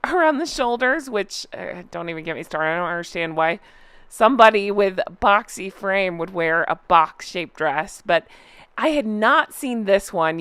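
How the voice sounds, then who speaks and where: A woman's voice: medium pitch, fairly bright tone, clear, resonant tone, no echo. A woman hosting a casual reaction commentary channel, chatty and amused as she reads out online posts. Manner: chatty, amused, frequently laughing.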